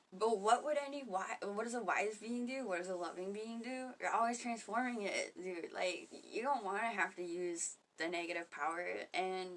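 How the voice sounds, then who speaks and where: A woman talking casually to camera in a rambling, profane monologue about spirituality, often laughing and getting loud when she quotes others. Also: on the low side, distant mic. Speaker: spiritual vlogger.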